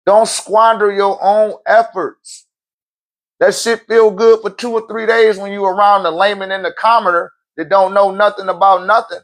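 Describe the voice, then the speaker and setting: A man with a notably high-pitched speaking voice gives a loose, emphatic motivational talk as a spiritual teacher. He curses freely, laughs between points and stumbles over repeated words as he restarts his sentences. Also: steady tone, normal speed. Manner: profane, emphatic, laughs often. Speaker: spiritual teacher and event host.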